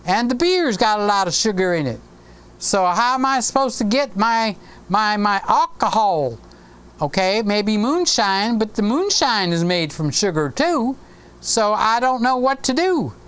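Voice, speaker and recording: A man's voice: high-pitched, sing-song, unhurried, a bit bright, clear, resonant tone. A man in his sixties hosting a casual live stream, rambling chattily and reading viewer comments aloud. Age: 60s.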